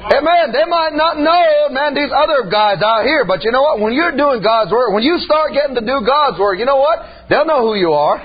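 A man's voice: very high voice, lively intonation, moderate pace, hardly any pauses. A man preaching a sermon in a folksy, emphatic way, punctuating his points with "amen" and "man". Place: church service. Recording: muffled recording with faint hum.

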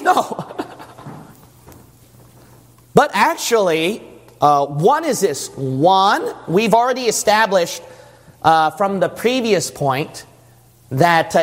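A man preaching a sermon emphatically, often asking his congregation questions. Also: sits high. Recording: long church reverb.

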